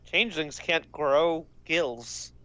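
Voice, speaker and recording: A man's voice: on the high side, slow, bright, forceful tone. A man playing a tabletop game, earnest and questioning. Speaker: player.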